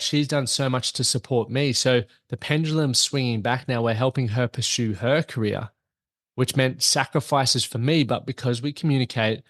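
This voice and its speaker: A man's voice: medium pitch, dry recording, studio quality. A man hosting his own podcast as a coach, talking in an earnest, motivational, conversational way to his listeners. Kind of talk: solo podcast talk.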